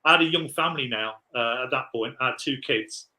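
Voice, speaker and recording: A man's voice: mid-range voice, fairly quick, sharp tone, poor audio. A man in his forties, a podcast guest, telling rambling, laughing anecdotes in casual chat.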